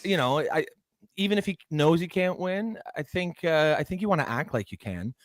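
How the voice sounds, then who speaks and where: A man's voice: on the high side, expressive, moderate pace, no room sound. A man, co-hosting a casual political chat, hesitant and full of fillers, reading out viewer comments. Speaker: podcast co-host.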